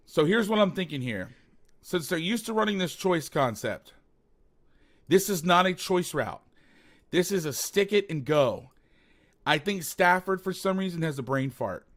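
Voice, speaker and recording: A man's voice: on the high side, animated, moderate pace. A man hosting a football film breakdown, talking casually and animatedly, swearing, rambling with restarts.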